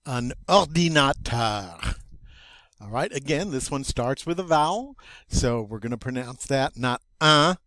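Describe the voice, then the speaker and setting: An older man, teaching French vocabulary in a slow, patient, folksy way, drawing out each word. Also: mid-range voice, lively intonation, dry recording, studio quality. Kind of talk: recorded vocabulary lesson.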